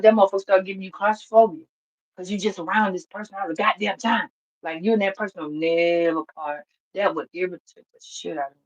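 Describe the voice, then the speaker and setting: A woman giving a casual spiritual reading, blunt, profane and animated, laughing often. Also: lowish voice, muffled recording. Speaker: tarot reader.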